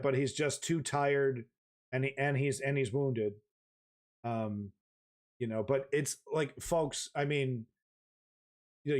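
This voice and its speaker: A man hosts a live news commentary stream in an everyday mid-range voice. He rambles, repeats himself and restarts his sentences, then presses his points with emphatic asides and the occasional curse. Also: medium pitch.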